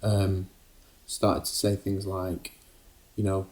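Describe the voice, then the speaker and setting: Podcast co-host, lowish voice, halting delivery full of ums. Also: male voice, completely flat delivery, a little mellow. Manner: hesitant, many ums and restarts. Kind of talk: casual podcast chat.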